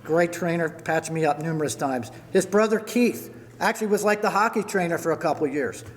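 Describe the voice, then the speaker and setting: An older man delivers a retirement party speech, running down names and telling hockey stories. His voice sits high for a man. The sound carries a long reverb from a large hall. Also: fairly quick. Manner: storytelling, thanking people by name.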